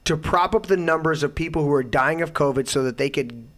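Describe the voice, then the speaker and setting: A man's voice: a little high, fairly quick. Indignant swearing man ranting. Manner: loud, indignant, heavy swearing. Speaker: host. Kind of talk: profane political rant.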